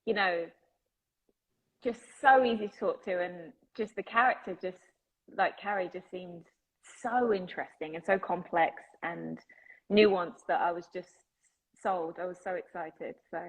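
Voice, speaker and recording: Woman, English accent, husky, bubbly, laughs often, interview guest. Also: lowish voice, phone-quality sound. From England. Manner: bubbly, laughs often, talks in quick bursts. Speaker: actress, guest. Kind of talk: interview conversation.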